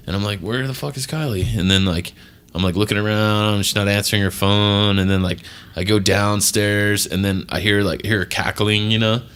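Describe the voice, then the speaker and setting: A man's voice: lowish voice, fairly bright tone, clear, resonant tone. A man co-hosting a podcast, telling a dream story in laid-back, profane, casual chat. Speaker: podcast co-host.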